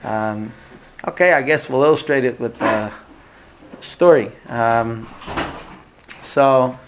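A man teaching a class in a conversational way, telling an illustrative story with frequent hesitant pauses. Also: medium pitch, noisy background. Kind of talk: storytelling lecture.

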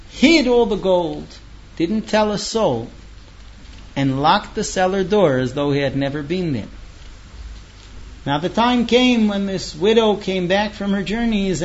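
Male storyteller, lively with dramatic pauses, high voice, dull lo-fi recording. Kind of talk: oral storytelling.

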